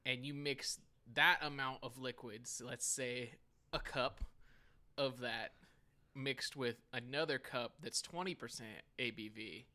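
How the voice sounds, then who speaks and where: A man's voice: medium pitch, fairly even intonation, a little slow, sharp tone. A man co-hosting a casual podcast, joking and self-deprecating as he banters with his friend. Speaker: podcast co-host.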